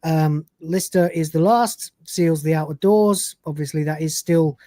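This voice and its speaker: A man's voice: on the high side, a little slow, mellow, dry recording, studio quality. Man narrating a scene recap. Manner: narrates scenes, reads quotes aloud, fillers. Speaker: podcast host. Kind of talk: live episode recap chat.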